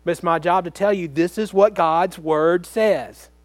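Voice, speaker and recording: A man's voice: high-pitched, unhurried, dry recording. A man preaching a sermon as pastor, speaking earnestly and conversationally, often turning to the congregation with direct questions.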